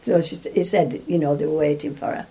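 A woman's voice: low-pitched, steady tone, a little fast, dark tone. An older woman telling a story from memory in a rambling way, often restarting and chuckling. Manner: rambling, full of restarts, laughs while telling. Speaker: interviewee. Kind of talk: reminiscing storytelling.

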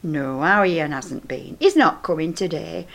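A woman's voice: sits low, unhurried, creaky. An older woman with a Northern English accent, telling a comic monologue in a chatty, gossipy and flustered way.

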